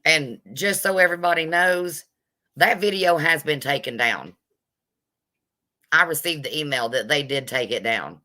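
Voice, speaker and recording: A female vlogger with a bright, forceful yet low voice delivers a blunt, sassy rant at an unhurried pace. Indignant in tone, she provides live vlog commentary and pauses to greet her viewers.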